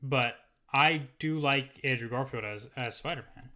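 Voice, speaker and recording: Bright-voiced man hosting a podcast. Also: mid-range voice, measured pace. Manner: swears freely, playful. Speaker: podcast co-host. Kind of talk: casual chat, reading news.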